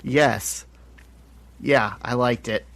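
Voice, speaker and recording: Relaxed, chatty male co-host. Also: mid-range voice, very slow, creaky, no room sound. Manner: relaxed and chatty, laughs often, swears casually. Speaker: podcast co-host. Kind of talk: casual comic-book discussion.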